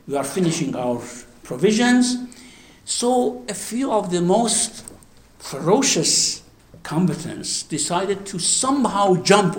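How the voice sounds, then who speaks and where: A man giving a religious history talk, reciting verses and then translating them with frequent restarts. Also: a little high. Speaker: religious storyteller. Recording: echoey room, faint noise.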